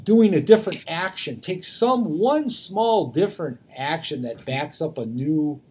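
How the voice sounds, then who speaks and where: A man's voice: a little high, expressive, unhurried, darkish tone, slightly rough. A man hosting a conversation, thinking aloud in a thoughtful, reflective way with frequent fillers. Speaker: podcast host.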